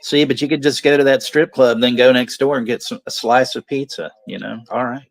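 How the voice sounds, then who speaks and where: A man's voice: medium pitch, steady tone, a little fast, vocal fry, no echo. A man co-hosting a movie watch party, swearing freely, laughing often and telling rambling anecdotes. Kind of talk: casual chat.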